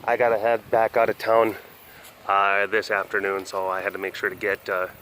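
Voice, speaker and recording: A man's voice: lowish voice, flat delivery, normal speed, a bit bright, poor audio. A man hosting a casual webcast outdoors, rambling with lots of fillers and self-mocking asides. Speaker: vlog host.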